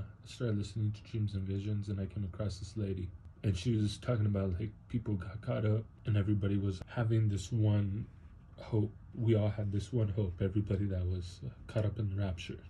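Man, emotional, earnest testimony, low dark voice, flat delivery, faint hiss. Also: poor audio. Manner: earnest, preacherly, quotes scripture. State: emotional, heavy-hearted. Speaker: Christian video testimony speaker.

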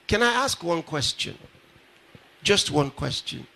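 A man's voice: fairly high pitch, animated, slow, gravelly, sharp tone. A pastor addressing a live audience at a ceremony, repeating his phrases and putting questions straight to the crowd. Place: large ceremony hall.

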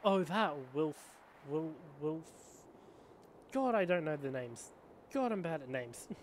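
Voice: medium pitch, lively intonation, takes it slowly, slight background noise. A gaming creator giving casual, rambling commentary while playing a handheld game, often laughing at their own slips. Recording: game music playing behind. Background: game music.

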